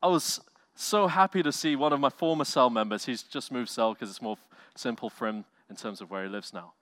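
A man preaching with big swings between booming peaks and hushed, low-pitched asides. His voice sits at an ordinary middle pitch. The sound is dry and close, with little room echo. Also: brisk. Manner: animated preaching with acted-out quotes, loud swells and soft drops. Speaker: pastor. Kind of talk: sermon.

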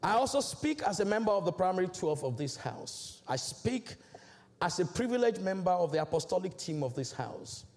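Here a man with a darkish tone preaches at a moderate pace, his pitch swinging widely. As a church elder from Africa, he delivers an emphatic, declamatory sermon in a large church, marked by big swells in pitch.

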